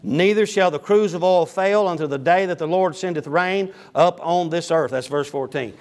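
A man's voice: on the high side, moderate pace, darkish tone. A man, preaching a folksy sermon as a pastor, reading scripture and rambling into humorous down-home stories. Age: 50s.

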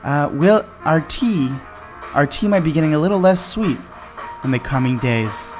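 A man's voice: a little high, animated, normal speed, over music. A man hosting a podcast, reading a jokey mock radio introduction in announcer style. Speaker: podcast host.

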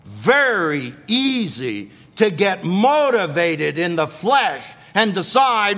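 A man's voice: sits high, sing-song, slow, few pauses, pushed and bright, in a large hall. An older man preaching a sermon, dramatically acting out the quotes in the story.

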